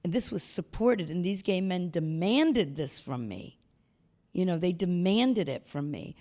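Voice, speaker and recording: An older woman, a guest speaker, gives a storytelling talk on stage before an audience. Her voice is lowish and unhurried, and she's an animated storyteller who acts out quoted voices.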